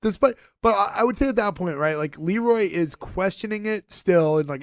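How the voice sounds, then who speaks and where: A man's voice: high voice, moderate pace, no echo. Chatty man recapping a show, dry sound. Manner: animated, lively retelling with many fillers. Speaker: podcast co-host. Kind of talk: casual chat recapping a TV episode.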